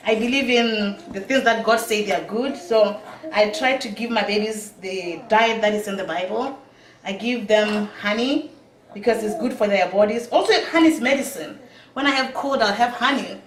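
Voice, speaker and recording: Chatty mother. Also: fairly high pitch. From Africa. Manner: chatty, repeats "you see", laughs often. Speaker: mother of twin babies. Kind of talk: casual how-to vlog. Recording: roomy with faint noise.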